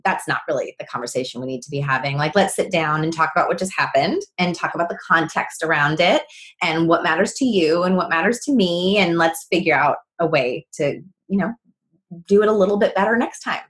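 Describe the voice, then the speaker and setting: A woman's voice: low-pitched, a little fast, fairly bright tone. A woman in her forties, a parenting guest, speaking reflectively in a coaching tone with frequent "right?" and "you know". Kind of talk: casual chat.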